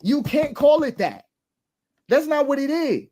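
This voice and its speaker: A man's voice: very high voice, very animated, unhurried, warm tone, slight background noise. A man hosting an online show, delivering impassioned political commentary with emphatic repetition and long lists. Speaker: commentary host.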